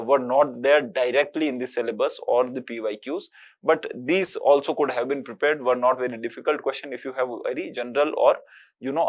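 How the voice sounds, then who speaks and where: A man delivers a recorded lecture on exam preparation. His voice sits at an ordinary middle pitch, and he explains point by point with frequent filler words and small restarts. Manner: explanatory, many fillers like "uh, you know". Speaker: exam-prep teacher.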